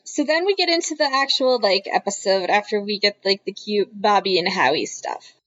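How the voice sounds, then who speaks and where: A woman's voice: medium pitch, lively intonation, moderate pace, a bit bright. A woman co-hosting a podcast in casual chat, talking easily and laughing along. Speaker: podcast co-host. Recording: dull lo-fi recording.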